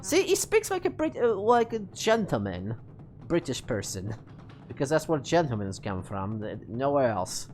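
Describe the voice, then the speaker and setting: Low-voiced joking woman streamer. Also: wildly swooping pitch, normal speed, darkish tone, faint music behind. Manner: joking, self-deprecating. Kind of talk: casual gameplay commentary.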